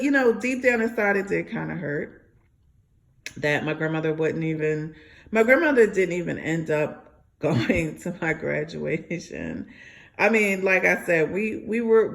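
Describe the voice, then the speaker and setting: In a low, gravelly voice, a young adult former member shares her story in a personal monologue that rambles, packed with filler words and false starts.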